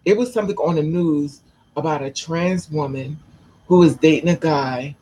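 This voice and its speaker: A woman telling a personal story to camera in a blunt, profane, animated way. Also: deep voice, moderate pace, slightly rough, rough recording. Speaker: vlogger.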